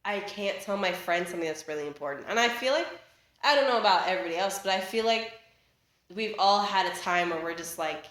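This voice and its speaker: A woman's voice: medium pitch, animated, fast, fairly bright tone. Chatty young woman ranting at home. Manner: chatty, filler-heavy, self-interrupting. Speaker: vlogger. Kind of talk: casual rant. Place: living room at home. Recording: echoey home room.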